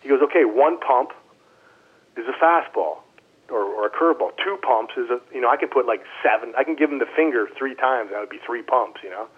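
A man, a former baseball player, telling animated stories in a casual interview and quoting teammates as he goes. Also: mid-range voice, a little fast, slightly rough. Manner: animated anecdotes, quoting others in voices. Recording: phone-line audio.

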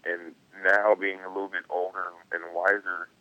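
A man's voice: low voice, normal speed, dry recording, highs cut off. A young man, a baseball player, telling a story in an interview, laughing often and acting out what people said. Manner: animated, laughs often, acts out quotes. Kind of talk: casual storytelling.

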